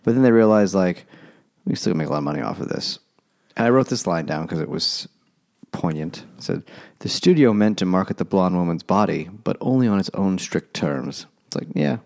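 A man's voice: low voice, expressive, fairly quick, gravelly, a little mellow. A man co-hosting a book podcast, chatting loosely and swearing freely. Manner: laid-back, swears freely. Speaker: podcast co-host. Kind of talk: casual chat about a book.

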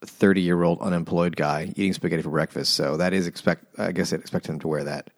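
A man's voice: deep voice, fairly even intonation, quick pace, dry recording, studio quality. A man co-hosting a casual book chat, summarizing the plot with wry asides.

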